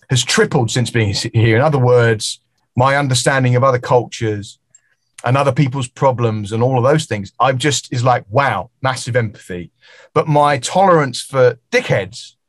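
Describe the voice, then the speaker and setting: A middle-aged music producer from England talks freely as a guest in a casual podcast conversation. He is a lively storyteller who acts out the voices of the people in his stories. His voice is medium-pitched, with no room sound.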